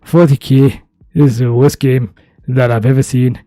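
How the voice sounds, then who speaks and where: A woman's voice: rumbling low, fairly even intonation, unhurried, warm tone, dry recording, pitched below the performer's own voice. A woman putting on a blunt, grumbling Scottish man's voice with a put-on accent. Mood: grumpy. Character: gruff loud Scottish man who hates a game.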